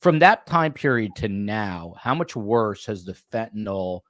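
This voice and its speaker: Man, New York accent, podcast host, low voice, dry close sound, rambling with fillers. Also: big pitch swings, measured pace, fairly bright tone, dry recording. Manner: loose, rambling, many fillers. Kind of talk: casual interview chat.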